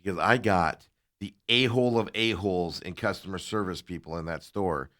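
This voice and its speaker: A man's voice: low-pitched, moderate pace. A man hosting a talk show, telling a long story in casual chat and acting out both sides of each exchange. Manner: animated, acts out both sides of the dialogue.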